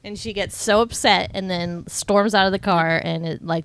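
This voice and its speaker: A woman's voice: medium pitch, fairly even intonation, normal speed, fairly bright tone, smooth, dry recording. A young woman chatting through a movie recap on a podcast, swearing freely and peppering everything with "like" and "um". Her voice is recorded dry and close, with no room sound. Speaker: podcast co-host. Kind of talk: casual chat recapping a movie.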